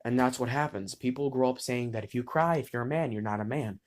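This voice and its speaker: A man's voice: mid-range voice, fast talker. A teenage boy in eleventh grade talking straight to camera about being bullied, blunt and heated, swearing freely and restarting words mid-sentence. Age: teens. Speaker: student vlogger. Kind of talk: impassioned personal monologue.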